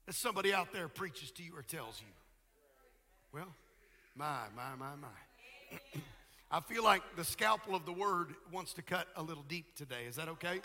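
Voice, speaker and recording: A middle-aged man preaching a sermon as pastor, emphatic, with rhetorical questions and quieter asides. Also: very high-pitched, in a large hall.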